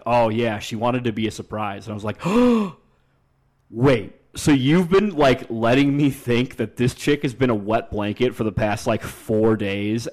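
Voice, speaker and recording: A young man co-hosting a podcast, telling stories in a casual, animated way, acting out the people he quotes and swearing freely. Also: fairly low pitch. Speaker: podcast co-host. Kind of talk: casual storytelling chat.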